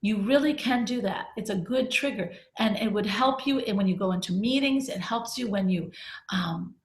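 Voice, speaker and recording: A woman's voice: mid-range voice, a bit bright. A middle-aged woman leading a group discussion, telling a personal story in a candid, conversational way. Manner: candid, conversational, with restarts and laughs. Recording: echoey room.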